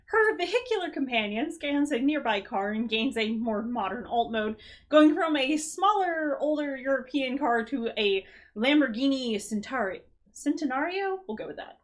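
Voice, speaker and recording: A woman co-hosting a podcast, chatting casually through a movie recap. Her voice sits very high, and she laughs often. When something excites her, her pitch jumps up sharply. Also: normal speed. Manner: giggly, exclaims with big pitch jumps. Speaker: podcast co-host.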